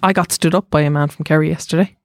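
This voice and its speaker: A woman's voice: deep voice, fairly even intonation, quick pace, no room sound. A woman with a Cork Irish accent hosting a casual chat, dry and blunt in her delivery. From Cork, Ireland. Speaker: podcast host.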